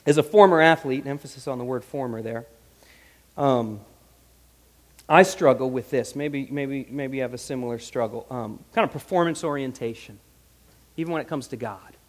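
A man preaching a sermon with animated delivery, jumping between loud emphasis and hushed asides, voicing quotes with character. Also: medium pitch, normal speed, in a large hall. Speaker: pastor.

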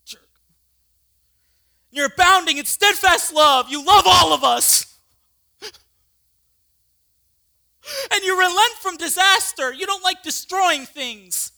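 A preacher voicing an angry, despairing male prophet who pleads bitterly and grows louder. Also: medium pitch, big pitch swings, takes it slowly, long pauses, exaggerated voice. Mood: resentful.

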